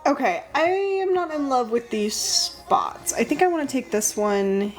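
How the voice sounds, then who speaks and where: A woman's voice: sits high, lively intonation, measured pace, faint music behind. A young woman casually chatting on a livestream while she draws, thinking aloud and greeting viewers by name. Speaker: livestream host drawing stickers.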